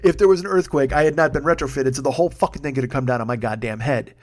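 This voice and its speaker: A man's voice: medium pitch, racing, a little mellow. A middle-aged man hosting a podcast, telling a rambling, profane, self-deprecating story at his own microphone. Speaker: podcast host. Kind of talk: casual storytelling monologue. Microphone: studio microphone.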